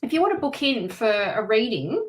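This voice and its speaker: A woman's voice: on the high side, very animated, normal speed. A woman doing a live-streamed tarot reading, chatty and encouraging, thinking aloud and correcting herself as she goes. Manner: warm and encouraging toward viewers. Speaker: tarot reader.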